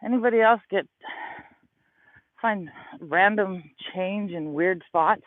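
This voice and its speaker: Thirtysomething guy livestreaming on a hill walk, kinda high voice, out of breath, rambly, sounds like a phone line. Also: takes it slowly, no room sound. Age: 30s. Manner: rambling, storytelling. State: out of breath from walking uphill. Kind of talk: casual livestream chat while walking. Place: outdoors on a hillside.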